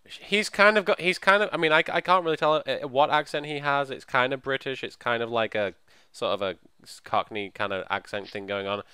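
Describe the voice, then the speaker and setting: A man with a bright, clear voice recapping a TV show with friends. He rambles a little, hedges, and restarts his sentences as he works through a thought. The sound is close and dry. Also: mid-range voice, a little fast, no room sound. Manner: chatty, hedging, restarts often. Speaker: podcast co-host. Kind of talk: casual TV recap chat.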